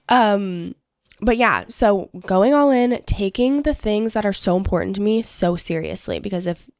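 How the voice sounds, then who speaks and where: Young woman host, chatty self-help monologue, mid-pitched, close dry mic. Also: moderate pace, darkish tone, no room sound. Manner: chatty, upbeat, frequent "like" and "okay?". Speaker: podcast host.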